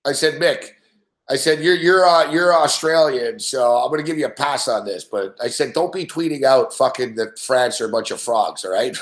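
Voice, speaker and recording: The host of a sports betting show rants on a casual live stream in a medium-pitched voice at a moderate pace. He's profane and rambling, laughs often, and is in an echoey room.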